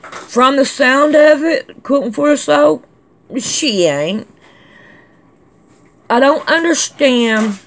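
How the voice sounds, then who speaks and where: A woman's voice: fairly high pitch, slight background noise. A woman hosting a casual vlog, reading out viewer comments in a chatty, scolding, drawling way. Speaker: channel host reading comments.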